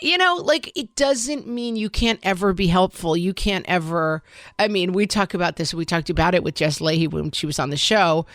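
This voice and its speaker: A woman's voice: lowish voice, animated, normal speed, no room sound, studio quality. Candid middle-aged woman co-hosting a podcast. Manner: candid, self-deprecating, talks through thoughts with many "like"s. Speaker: podcast co-host. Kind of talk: casual parenting chat.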